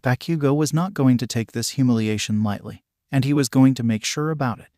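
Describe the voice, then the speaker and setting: Guy reading a funny fanfic out loud, matter-of-fact, dry sound. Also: mid-range voice, a little fast, no room sound. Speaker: narrator. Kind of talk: reading a fan fiction aloud.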